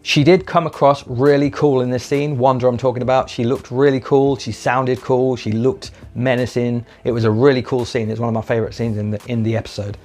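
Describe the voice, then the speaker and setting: A man's voice: mid-range voice, steady tone, fairly quick, hardly any pauses, darkish tone. A man giving a chatty, enthusiastic spoken review, swearing casually and briefly acting out lines in put-on voices. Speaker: video reviewer.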